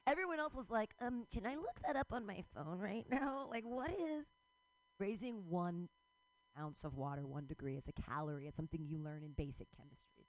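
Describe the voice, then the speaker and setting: A middle-aged woman performing a rambling stand-up comedy set, excitable and swearing freely. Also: mid-range voice, rough recording.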